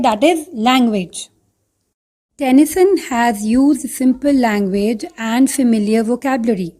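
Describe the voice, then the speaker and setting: High-voiced Indian English woman teaching. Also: darkish tone. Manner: explains step by step, repeating points; addresses students as children. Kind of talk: online slide lesson.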